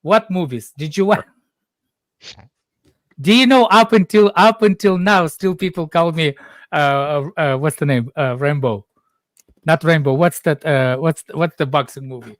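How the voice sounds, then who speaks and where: Man, fairly high voice, dry sound, halting and insistent. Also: no room sound. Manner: insistent, searching for words. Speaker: panelist. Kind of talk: casual chat.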